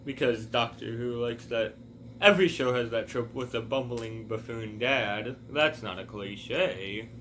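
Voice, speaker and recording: Rambling bright-voiced male reviewer. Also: mid-range voice, a little slow, slight background noise. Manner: rambling, goes off on tangents. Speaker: video reviewer. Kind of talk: casual review chat.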